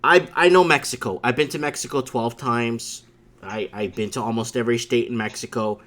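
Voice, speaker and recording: A man's voice: mid-range voice, steady tone, fairly quick, fairly bright tone. A man hosting a livestream, chatting with a caller and telling stories in a rambling, emphatic way with frequent asides. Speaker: livestream host. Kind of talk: casual chat with a caller.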